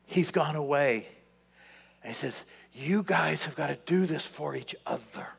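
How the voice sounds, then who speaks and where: Animated man preaching in a reverberant church. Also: fairly high pitch, gravelly, slightly rough. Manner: animated, swinging between loud outbursts and hushed asides. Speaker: pastor. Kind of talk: sermon. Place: church sanctuary. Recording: long hall reverb.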